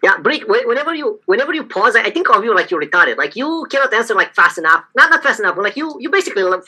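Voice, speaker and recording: Husky, lively woman with a swinging pitch. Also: rapid-fire, low-quality recording. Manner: profane, loose, full of "like". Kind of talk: heated call-in critique.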